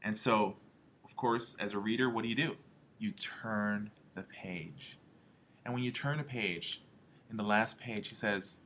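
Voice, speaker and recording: A man's voice: fairly low pitch, unhurried, a bit bright, a little hiss or hum. A man leading a motivational marketing training talk in an emphatic way, often checking in with "all right?" and "okay?". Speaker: home health marketing trainer.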